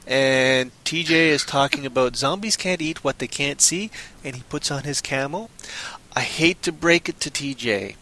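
A man's voice: mid-range voice, normal speed, sharp tone. A man hosting a podcast in casual, rambling, jokey chat. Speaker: podcast host.

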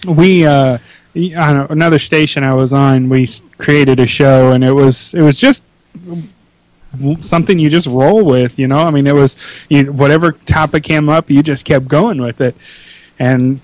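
A man's voice: mid-range voice, darkish tone, no room sound. A man co-hosting a casual podcast chat, talking in a rambling, hesitant way with many restarts. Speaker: podcast co-host.

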